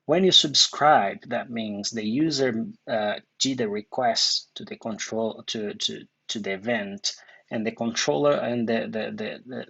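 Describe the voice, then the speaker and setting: Halting man with gravelly voice. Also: mid-range voice, a bit bright, lo-fi sound. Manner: halting, many fillers and restarts, thinks aloud. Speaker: coding instructor. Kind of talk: screen-recorded coding tutorial. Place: dark room at a computer.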